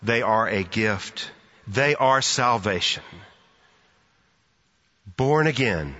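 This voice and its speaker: Preacher in an echoing church. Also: male voice, fairly low pitch, lively intonation. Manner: storytelling, slows and softens for emphasis. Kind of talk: sermon. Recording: muffled sound in a long-reverb hall.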